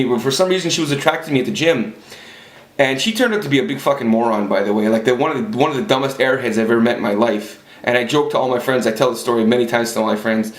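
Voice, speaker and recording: A man telling a personal story in a rambling, profane, blunt monologue to a camera. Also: mid-range voice. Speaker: vlogger. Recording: echoey room.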